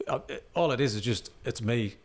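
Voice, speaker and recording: A man's voice: mid-range voice, moderate pace. Chatty Geordie man hosting a podcast. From North East England. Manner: rambling, self-interrupting, chatty. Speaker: podcast host. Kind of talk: casual conversation.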